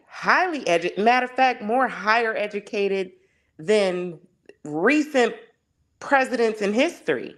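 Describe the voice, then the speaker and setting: A woman's voice: mid-range voice, animated, measured pace, fairly bright tone. A woman as a guest in a casual discussion, speaking with passion and piling up rhetorical questions. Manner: impassioned, heavy on rhetorical questions.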